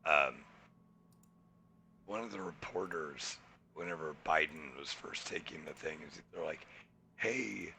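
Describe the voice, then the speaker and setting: A man co-hosting a casual podcast, his very low voice gravelly yet sharply bright. He tells stories in an animated way and mimics the people he talks about. A faint noise sits behind him. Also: unhurried, pauses often. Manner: animated, acts out quoted people in his anecdotes. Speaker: podcast co-host. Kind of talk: casual storytelling chat.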